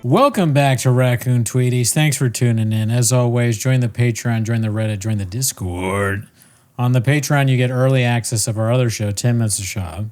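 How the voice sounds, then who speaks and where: A man in a mid-range voice hosts a podcast, chatting loosely and laughing often. His talk rambles with restarts, relaxed and friendly. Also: mid-range voice, normal speed, clear, resonant tone, faint music behind. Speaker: podcast host. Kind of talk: casual chat.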